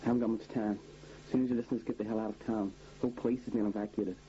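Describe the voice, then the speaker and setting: Brief: actor as a hurried male official with an American accent, low and dark, on dull low-fi audio. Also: steady tone, slight background noise, close to an everyday voice. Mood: urgent. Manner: rushed, urgent delivery. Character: male official urgently warning of an epidemic. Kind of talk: low-budget film acting. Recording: muffled low-fi film audio.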